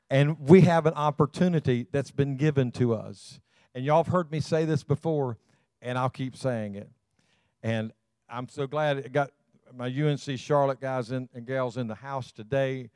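Delivering a sermon, a pastor speaks with emphasis and fire, calling out to the congregation again and again and repeating words to build each point. His mid-range voice is clear, resonant and darkish at a moderate pace, captured close and dry without echo and almost no room sound.

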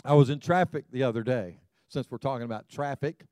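This middle-aged pastor preaches to his congregation in a medium-pitched, slightly mellow voice, talking a bit fast. He tells stories with self-deprecating humor and addresses the people directly, and the recording has no echo.

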